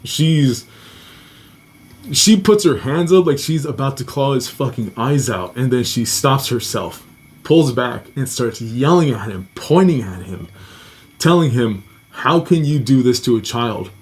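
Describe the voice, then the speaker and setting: A man's voice: medium pitch, animated, unhurried, darkish tone. A man casually telling a personal story on a podcast, swearing often and acting out the voices of the people in it. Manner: profane, restless, acts out quoted voices.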